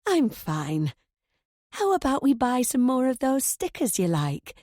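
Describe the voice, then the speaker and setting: A woman's voice: high voice, very animated, a little slow, a little mellow, no room sound, studio quality, voice pushed up, heavily acted. A woman voicing an older landlady, speaking in a coaxing, motherly way. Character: older landlady, sweetly smiling, unsettling.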